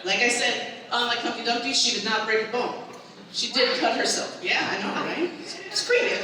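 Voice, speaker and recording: A woman performing an animated stand-up routine, acting out her family as she tells the story. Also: on the high side, moderate pace, crowd noise. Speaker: stand-up comedian. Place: live comedy show with a crowd. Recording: echoey hall from far off.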